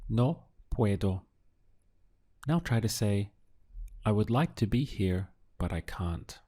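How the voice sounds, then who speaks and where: Slow, patient male Spanish tutor. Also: fairly low pitch, expressive, mellow. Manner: slow, patient drilling with pauses. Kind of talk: slow audio language lesson.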